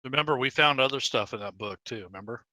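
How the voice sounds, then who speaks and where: A man's voice: mid-range voice, quick pace, pushed and bright, no room sound. A man chatting casually as a guest player, dropping dry joking asides. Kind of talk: casual chat.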